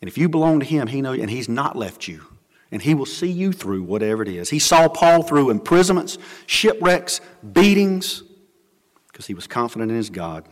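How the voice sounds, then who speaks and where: An earnest male pastor preaching in a church, his mid-pitched voice carrying a long, ringing reverb. He drops low and quiet for scripture and personal stories. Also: big pitch swings, moderate pace. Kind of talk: sermon. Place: church sanctuary.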